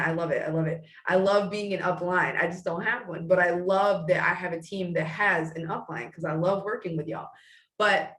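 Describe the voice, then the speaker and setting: A woman in her thirties giving a casual, blunt motivational talk to her sales team, talking fast with many restarts. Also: on the low side, a bit bright, echoey room, far from the mic. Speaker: direct sales team leader. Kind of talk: casual live video pep talk.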